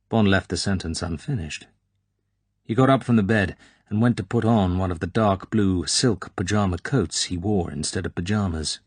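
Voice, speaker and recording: Deep husky male audiobook narrator. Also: normal speed, dry recording. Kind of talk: scripted narration.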